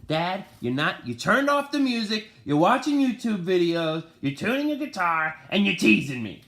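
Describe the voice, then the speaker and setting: Man voicing a low, grumbling little pet bird, whiny complaints. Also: big pitch swings, normal speed, a bit bright. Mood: sulky. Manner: complaining, sulky.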